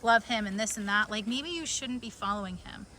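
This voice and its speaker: A woman's voice: mid-range voice, a little fast, pushed and bright, a little hiss or hum. A woman in casual chat, indignant and sarcastic about rude comments.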